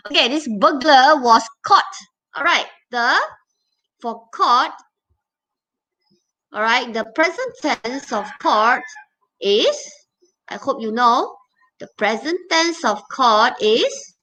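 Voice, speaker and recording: A woman leads an online English revision class in a bright, crisp voice that sits a little high. She explains each step patiently and keeps checking in with "okay?" and "all right?". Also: animated, slow, long pauses, rough recording. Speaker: English teacher. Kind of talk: online exam revision lesson.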